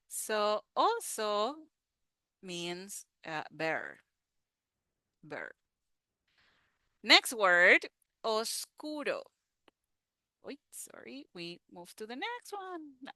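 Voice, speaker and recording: A woman teaching a slow pronunciation lesson, patiently repeating each word. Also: medium pitch, huge pitch swings, pushed and bright, dry recording. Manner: patient, repeats words slowly. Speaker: Spanish teacher.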